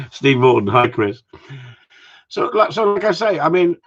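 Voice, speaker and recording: A man's voice: a little high, big pitch swings, slow pace, husky. A man hosting a live stream, chatting in a cheeky, sweary, rambling way that jumps between topics. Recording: dull lo-fi stream audio.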